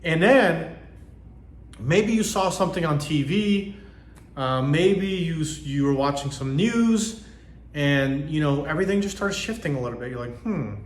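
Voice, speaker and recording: A man's voice: fairly high pitch, lively intonation, unhurried. Rambling man in an echoey room. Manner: rambling, many fillers, acts out quoted reactions. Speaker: channel host. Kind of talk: casual motivational talk to camera.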